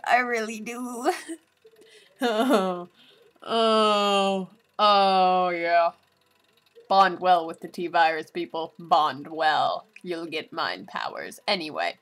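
A woman's voice: medium pitch, sharp tone. A woman vlogger giving a rambling, casual recap of a movie, full of asides and giggles.

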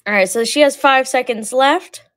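A woman in her twenties chatting casually on a live sales stream, talkative and quick to laugh at her own slips. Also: high-pitched, a bit bright. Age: 20s. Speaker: live online seller. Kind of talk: casual live-sale chat.

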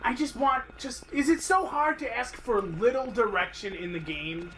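A man's voice: extremely high pitch, lively intonation, moderate pace, a bit bright, recorded from a distance, slight background noise. A man co-hosting a let's play, trading sarcastic, profane banter while he plays. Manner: sarcastic, swears a lot. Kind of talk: casual gameplay banter.

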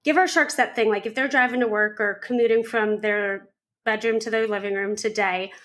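A woman's voice: medium pitch, fairly even intonation, a little fast, a bit bright. A woman hosting a podcast, talking in a chatty, informal way full of fillers as she responds to her guest. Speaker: podcast host. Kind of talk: casual interview chat.

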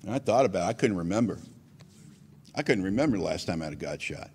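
A man's voice: low voice, lively intonation, fast, darkish tone, slight background noise. A man speaking at a recovery meeting, telling his own story conversationally with frequent asides. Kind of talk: personal testimony talk.

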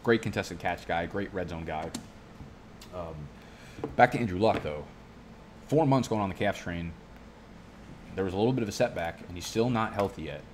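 Male streamer, low voice, loose and profane, tangent-prone chat. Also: moderate pace, long pauses, a little hiss or hum. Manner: profane, rambling, goes off on tangents. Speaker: fantasy football youtuber. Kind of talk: casual live-stream commentary. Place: home studio.

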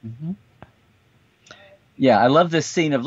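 A man co-hosting a casual livestream, talking chattily with quick asides and frequent chuckles. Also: mid-range voice, animated. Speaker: co-host. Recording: dull lo-fi video call audio.

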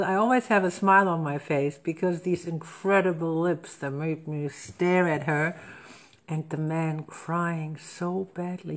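A woman, a wedding celebrant hosting a casual talk show, telling an anecdote in a lively, self-correcting way. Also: on the low side. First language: German. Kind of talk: casual storytelling chat.

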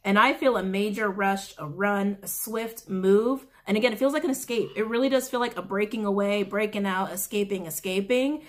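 A woman talking through a casual tarot reading, her voice sitting at an ordinary middle pitch. She speaks with open emotion, repeats phrases to drive them home and drops in the odd casual swear word. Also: steady tone, normal speed, few pauses. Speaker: tarot reader.

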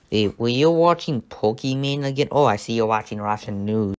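Guy doing a goofy deadpan dictator bit for a comedy stream. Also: medium pitch, moderate pace, hardly any pauses, smooth. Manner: mock Russian dictator bluster, deadpan jokes. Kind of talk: comedic parody skit.

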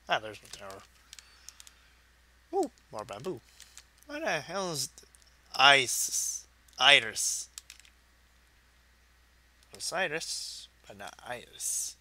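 Slow-talking bright-voiced man commenting on gameplay. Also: medium pitch. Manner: rambling, swears casually, talks to himself and the viewers. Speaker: gaming video host. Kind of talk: let's-play game commentary.

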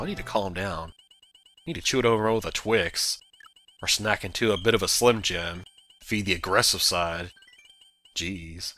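A young man giving casual let's play commentary, rambling, then shouting at the game and apologizing. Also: fairly low pitch. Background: game music.

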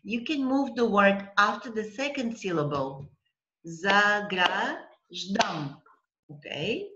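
A woman teaching a language lesson online, patient and deliberate, breaking words into syllables and checking in with the student. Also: mid-range voice, big pitch swings, fairly bright tone, muffled recording, a little hiss or hum. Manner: patient, slow, spells out syllables and checks with "okay?".

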